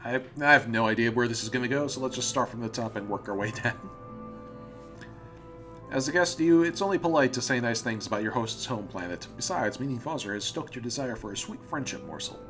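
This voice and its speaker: A man's voice: medium pitch, brisk, fairly bright tone, soft background music. Amused man reading a game aloud. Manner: amused, often laughing and stumbling over words. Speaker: let's play host. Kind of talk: reading a visual novel aloud with commentary.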